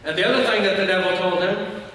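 A church elder preaching a sermon, telling a story and acting out shouted lines. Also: male voice, sits high, quick pace, slight background noise. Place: church sanctuary. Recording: echoey hall from far off.

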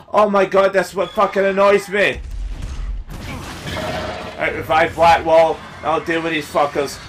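A young man giving profane, excitable let's play commentary, yelling at his teammates. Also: a little high, unhurried, long pauses, slight background noise. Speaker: gaming video host.

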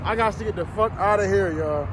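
A young man with a high voice vlogs from a scooter on city streets, his phone held in one hand. He talks straight to his viewers in loose, profane slang, keyed up and rambling, while loud traffic rushes past the mic. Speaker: vlogger. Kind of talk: casual vlog narration on the move. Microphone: handheld phone while riding. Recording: outdoor phone recording with loud traffic noise. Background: city traffic and street noise.

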